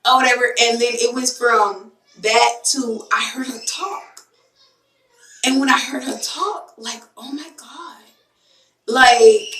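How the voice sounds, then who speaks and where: Young woman vlogger, rambling and emotional, higher voice, echoey bathroom, a bit off-mic. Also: fairly bright tone, far from the mic. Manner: rambling, emotional storytelling with many fillers. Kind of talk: casual chat to camera. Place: home bathroom.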